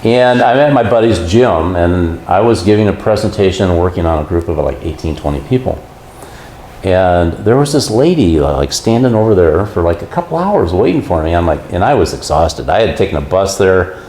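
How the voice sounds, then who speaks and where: A man guest on a talk show, telling his story in a casual, animated way and acting out the quotes. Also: sits low, a little fast, reverberant, a little hiss or hum.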